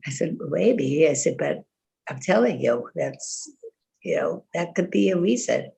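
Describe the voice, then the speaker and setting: A woman's voice: deep voice, lively intonation, a little slow, creaky, mellow. An older woman chatting casually with fellow congregants, telling a rambling story full of fillers and quoted speech. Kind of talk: casual chat.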